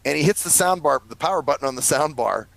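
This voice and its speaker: A man's voice: on the high side, animated, quick pace, gravelly, fairly bright tone, no room sound, poor audio. A man rambling through a long story in casual chat, swearing freely and laughing often. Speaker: podcast co-host.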